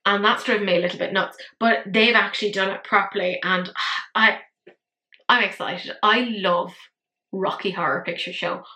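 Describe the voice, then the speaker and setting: Bright-voiced woman ranting about makeup. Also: mid-range voice, steady tone, normal speed. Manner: swearing, exasperated, self-mocking. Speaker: makeup commentary host. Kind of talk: casual ranting commentary. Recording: echoey room.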